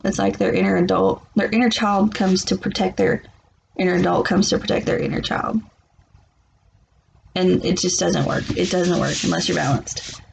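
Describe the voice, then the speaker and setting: Blunt, gravelly woman reading tarot. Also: lowish voice, expressive, moderate pace, a little hiss or hum. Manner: blunt, laughing, rambling with restarts. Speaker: tarot reader. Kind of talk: casual tarot reading vlog. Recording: muffled lo-fi recording.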